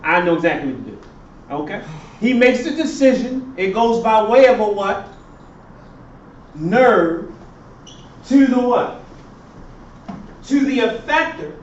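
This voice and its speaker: A man's voice: very high-pitched, darkish tone, a little hiss or hum. A male professor giving a classroom lecture. He keeps quizzing his students with fill-in questions. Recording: roomy, distant, dull classroom recording.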